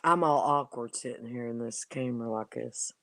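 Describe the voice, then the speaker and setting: A woman chatting casually while crocheting on a live stream, relaxed and self-deprecating. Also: very deep voice, normal speed, no room sound. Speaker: crafter co-host.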